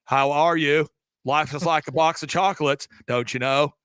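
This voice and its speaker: A man doing an impression of a slow, folksy male movie character, drawn out and simple-sounding. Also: on the high side, steady tone, fairly bright tone, clear, resonant tone, no echo, voice pushed down, lightly acted. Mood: drawling.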